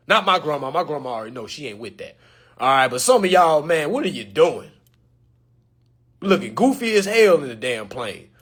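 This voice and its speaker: A man ranting to camera in an animated, joking way, loud and slangy, calling out to his viewers. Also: a little high, moderate pace, breathy edge.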